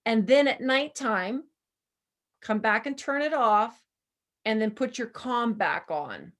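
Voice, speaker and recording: Chatty lady on a video call, laughs a lot, voice a bit high. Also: animated, slow. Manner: chatty, laughs often, warm coaching tone. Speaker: presenter guiding users. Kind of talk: casual chat.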